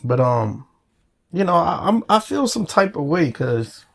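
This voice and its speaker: A man's voice: on the high side, big pitch swings, measured pace. A man talking straight to the camera in a rambling, profane, casual rant, full of repeated fillers. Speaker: channel owner.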